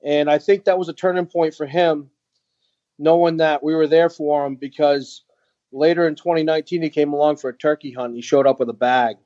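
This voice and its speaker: A man, a veteran, telling a personal story as an interview guest, earnest and halting, with frequent pauses and restarts. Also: a little high, fairly even intonation, mellow, dull audio. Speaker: guest, veteran who runs an outdoor organization for veterans.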